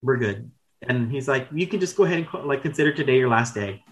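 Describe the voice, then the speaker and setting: A man's voice: mid-range voice, expressive, quick pace, rough recording. A man in his thirties telling candid, rambling stories as a podcast guest, with casual swearing and self-corrections. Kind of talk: casual storytelling chat.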